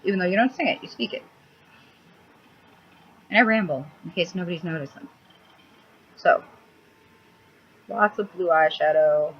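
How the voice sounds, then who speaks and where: Cranky, foul-mouthed woman with a low voice. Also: moderate pace, long pauses, husky. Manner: blunt, crude, cranky, swears freely. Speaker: makeup vlogger. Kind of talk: rambling casual vlog. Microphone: laptop mic. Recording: slightly dull laptop audio with faint hiss.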